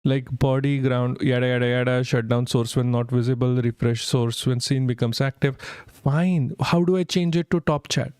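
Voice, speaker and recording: A hoarse, sick man, ranting in frustration during a live stream, swearing heavily and slipping into Hindi. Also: medium pitch, steady tone, moderate pace, a little mellow, no echo, studio quality.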